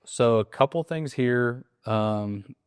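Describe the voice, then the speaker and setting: A man's voice: medium pitch, takes it slowly, clear, resonant tone, dry recording, clean studio sound. A man coaching on a sales process in casual chat, acting out lines from seller phone calls as he explains. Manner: acts out sales call lines in quotes. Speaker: real estate wholesaling coach.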